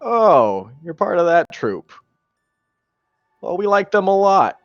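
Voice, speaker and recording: Man, tabletop role-play, friendly, halting, dull sound. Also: high voice, sing-song, no room sound. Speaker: player voicing his character. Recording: dull sound, faint music behind.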